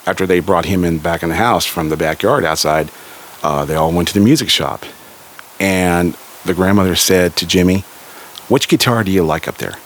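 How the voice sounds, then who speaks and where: A man with a low voice tells a long family story in a relaxed, animated way and jumps up higher whenever he quotes someone. He is from Southern California. A faint hiss sits under the recording. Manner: animated, raises pitch for quoted characters. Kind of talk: casual spoken storytelling.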